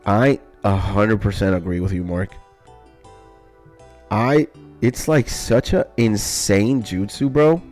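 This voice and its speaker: A young man streaming a game, rambling excitably in casual chat and swearing a lot. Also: on the low side, slow, pauses often. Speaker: gaming streamer. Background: faint background music.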